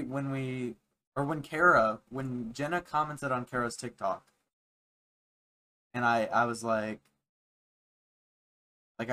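A man's voice: medium pitch, sharp tone. A man co-hosting a casual podcast. He rambles through stories, trails off and restarts, and laughs often. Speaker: podcast co-host. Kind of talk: casual chat.

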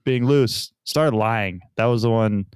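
Smooth-voiced man, casual storyteller. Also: lowish voice, unhurried, dry recording, clean studio sound. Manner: relaxed storytelling, acts out family dialogue. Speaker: podcast guest, father. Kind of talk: casual conversation.

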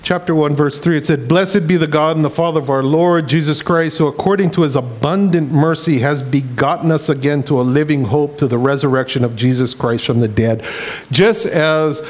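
Male pastor preaching, tells stories, laughs at his own jokes, voice sits a bit high. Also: moderate pace. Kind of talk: sermon.

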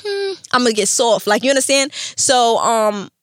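A young woman telling her story as a podcast guest, animated and profane, acting out quotes in street slang. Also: on the high side, moderate pace, no room sound, studio quality. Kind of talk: candid storytelling interview.

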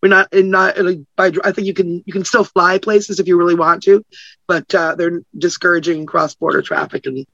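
She's a guest publicist from Canada, and her fairly low, fairly bright voice comes out a little fast with a flat delivery, though she still talks animatedly, mimics quoted voices and laughs frequently. There's no room sound, and the recording is dry and slightly muffled.

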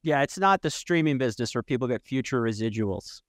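A male interview host talks in a casual, reflective way at a middle pitch. The sound is dry and close to the mic. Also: lively intonation, fairly quick, dry recording.

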